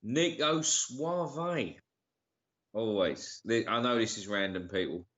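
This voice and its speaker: A sweary man chats on a casual live stream and shouts out viewers by name. His voice sits fairly low. The audio is dull and lo-fi. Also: slow. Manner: sweary, greets viewers by name, uses slang like geezer and bruv. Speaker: livestream co-host.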